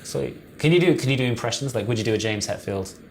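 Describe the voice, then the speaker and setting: Lively fast-talking male interviewer. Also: mid-range voice, gravelly, slight background noise. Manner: upbeat, playful questions. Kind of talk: casual interview chat.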